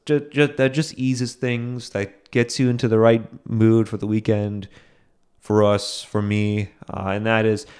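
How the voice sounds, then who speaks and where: A man's voice: fairly low pitch, smooth. A young man hosting a solo podcast, talking casually and rambling with frequent restarts and fillers. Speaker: podcast host.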